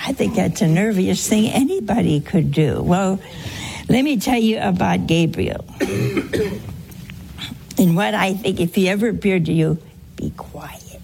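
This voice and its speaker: A woman's voice: mid-range voice, measured pace, gravelly, pauses often, a little mellow, a little hiss or hum. A woman giving a chatty, humorous sermon, teasing her listeners with rhetorical questions. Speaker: preacher. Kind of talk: conversational sermon.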